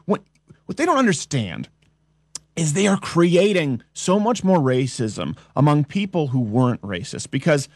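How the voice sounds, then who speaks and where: A man's voice: fairly high pitch, sing-song, measured pace, darkish tone, no echo, studio quality. A man hosting a comedic political talk show, ranting in a sarcastic, mock-incredulous way and rambling as he goes. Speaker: podcast host.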